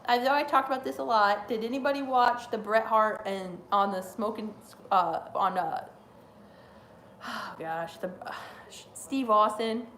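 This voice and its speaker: A woman streamer chatting live during a wrestling watch-along, rambling and excitable with lots of fillers. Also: fairly high pitch, unhurried, slight background noise. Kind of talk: live reaction chat.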